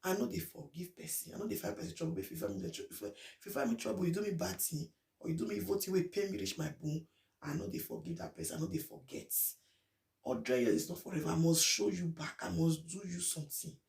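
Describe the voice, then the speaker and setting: A woman with a Nigerian accent talks straight to her viewers in a casual vlog. Her voice has a gravelly, creaky edge. She drives each point home by saying it again and again, moving between Pidgin and English. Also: lowish voice, quick pace, a little mellow. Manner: emphatic and repetitive, mixing Pidgin with English. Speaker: vlogger. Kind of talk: casual talk to camera.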